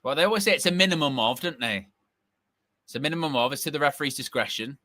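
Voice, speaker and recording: Young male watch-along host, bright higher voice, excitable and quick to shout. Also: no echo. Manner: excitable, bursts into shouting at big moments. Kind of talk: live football watch-along commentary.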